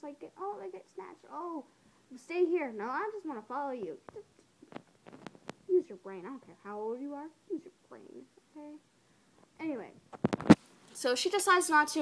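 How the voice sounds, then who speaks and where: A woman's voice: high voice, noisy background. A woman giving a casual spoiler review of a cartoon episode, chatty and exasperated, full of "like" and whispered asides.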